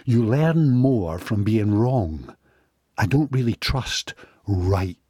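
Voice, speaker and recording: A man reads a first-person passage in a deep, rough, very husky voice whose pitch climbs and falls a lot. He takes his time and sounds intense and sweary, sometimes sinking to a whisper, with a dry, close recording. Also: animated, slow pace, dark tone, no room sound. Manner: intense, sweary inner monologue, at times dropping to a whisper. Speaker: audiobook reader. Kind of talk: first-person audiobook narration.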